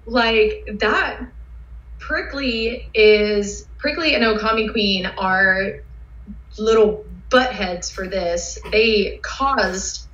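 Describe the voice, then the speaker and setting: Rambling young-sounding woman, echoey and dull. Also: medium pitch. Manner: rambling, filler-heavy, excitable. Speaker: guest cosplayer. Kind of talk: casual interview storytelling.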